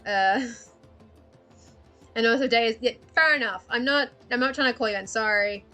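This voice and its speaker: Streamer woman, higher bright voice, rambling, cursing chat over faint music. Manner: rambling, swearing, quick laughs. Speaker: art streamer. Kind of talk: casual livestream chat while drawing.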